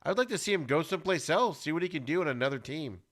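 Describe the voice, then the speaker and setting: A man hosting a podcast, giving an animated, ranting football recap with plenty of exclamations. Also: a little high, quick pace. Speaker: podcast host.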